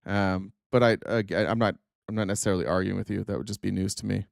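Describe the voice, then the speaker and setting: A man hosting a political commentary stream, sarcastic and animated as he reacts to clips. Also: lowish voice, fast, creaky, no room sound, studio quality. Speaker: streamer host.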